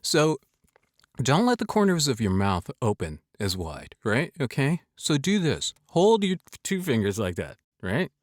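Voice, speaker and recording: A man's voice: medium pitch, huge pitch swings, measured pace, dry recording, studio quality. A man hosting a casual voice tutorial, joking around and demonstrating sounds aloud as he explains. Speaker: voice-over coach and show host.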